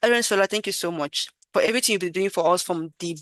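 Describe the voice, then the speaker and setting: A woman's voice: on the low side, very fast, dry recording. Woman, gushing thank-you speech, dry close sound, video call. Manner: warm, effusive, gushing with gratitude. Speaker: program participant.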